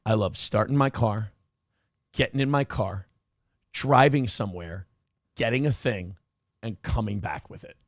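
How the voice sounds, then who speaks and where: A man's voice: on the low side, a little slow, pauses often, no room sound, studio quality. A man co-hosting a talk show, bantering playfully with mock-grand declarations. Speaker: co-host. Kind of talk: casual chat.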